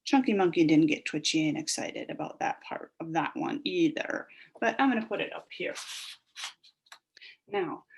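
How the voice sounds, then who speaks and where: A woman teaching a phonics lesson to young children, stretching out sounds in an animated sing-song way. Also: deep voice, brisk, vocal fry, slightly rough.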